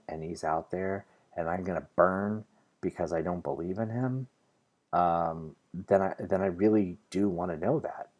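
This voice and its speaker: A man's voice: deep voice, a little mellow. A man from the United States giving an earnest, argumentative vlog monologue, hesitant and full of restarts. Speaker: vlogger. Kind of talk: casual monologue to the camera.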